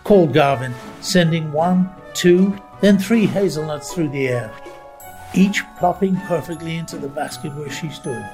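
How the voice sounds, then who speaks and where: A woman narrating a children's story aloud in a lively, expressive way. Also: deep voice, unhurried, soft background music. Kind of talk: storybook reading.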